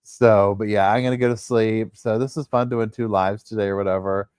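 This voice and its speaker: A man's voice: fairly low pitch, fairly even intonation, brisk, a little mellow, smooth, no echo, clean studio sound. A man hosting a true crime livestream, chatting casually and rambling in a drowsy way.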